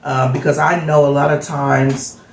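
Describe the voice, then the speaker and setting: Gravelly-voiced woman vlogger, echoey room. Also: sits low, little pitch movement, moderate pace, far from the mic. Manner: rambling, heartfelt, lots of fillers. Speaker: vlogger host. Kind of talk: casual storytelling chat.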